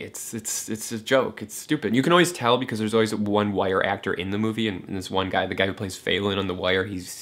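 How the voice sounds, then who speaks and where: In a lowish voice, this film vlogger delivers a casual, profane rant to camera. He's quick and scornful, stumbling through lots of fillers and restarts, and raises his voice to mock the characters.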